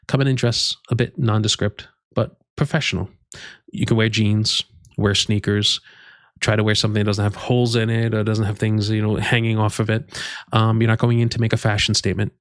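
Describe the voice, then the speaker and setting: Measured, low-voiced man giving job advice. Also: no room sound, clean studio sound. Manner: measured, unhurried, with frequent fillers and restarts. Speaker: career advice presenter. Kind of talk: instructional talk to camera.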